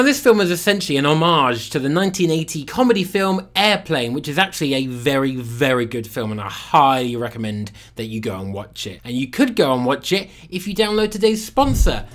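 A man's voice: fairly high pitch, a bit bright. A young man giving a sarcastic, swearing comedic review of a film, full of playful asides. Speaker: movie reviewer. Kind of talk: comedic movie review commentary.

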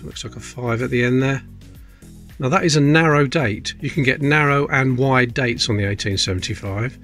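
A man's voice: mid-range voice, fairly bright tone. A man hosting a coin-collecting video, chatting casually and muttering to himself as he sorts pennies. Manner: chatty, self-mocking, muttering as he looks closely. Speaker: coin collecting channel host. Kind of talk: casual commentary while sorting coins.

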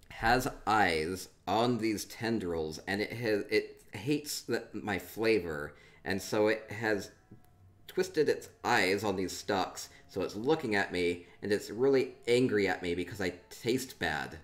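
A man's voice: lowish voice, animated, slow pace. A man giving casual live-stream commentary as he tours player homes in a game, playful and rambling as he thinks aloud.

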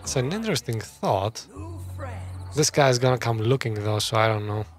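A man casually commentating a stealth game as he plays, thinking his plans out loud. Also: mid-range voice, normal speed, soft background music. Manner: thinking aloud, muttering plans to himself. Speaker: gameplay commentator. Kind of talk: casual let's-play commentary.

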